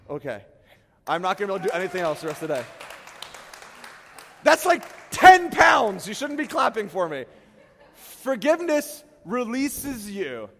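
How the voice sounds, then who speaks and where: A middle-aged man preaches from a church stage in a high, lively voice that swoops widely. He is animated and self-deprecating and breaks into loud bursts when he acts out quotes. His voice carries a long hall reverb. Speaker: pastor. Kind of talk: sermon.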